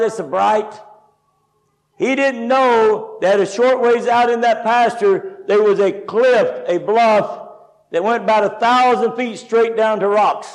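A male preacher at a conference telling folksy stories in a sermon, with loud and soft turns. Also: very high voice. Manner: folksy storytelling, varied loudness. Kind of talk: storytelling sermon.

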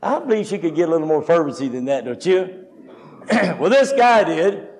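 A male preacher delivering a story-driven sermon at a conference. His voice sits high and his delivery is folksy and plain-spoken. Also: big pitch swings, moderate pace. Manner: folksy storytelling, varied loudness.

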